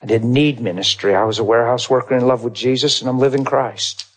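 A man's voice: mid-range voice, fairly even intonation, fast talker. A man preaching as a pastor, telling a personal story and acting out both sides of the conversation. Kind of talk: sermon testimony storytelling.

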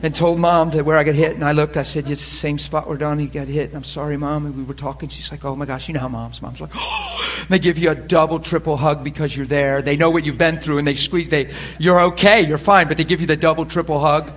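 A pastor telling a story from the pulpit in an animated way, dropping quiet and then laughing and shouting. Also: male voice, a little high, fast, hardly any pauses, slight background noise. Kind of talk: storytelling sermon. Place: church sanctuary pulpit.

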